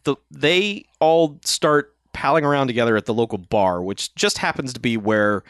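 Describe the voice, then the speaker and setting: A man's voice: medium pitch, moderate pace, no echo, clean studio sound. A man co-hosting a podcast, recapping a horror film in casual chat, laughing often and acting out lines. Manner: animated, laughing, swearing, acts out quotes. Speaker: podcast co-host.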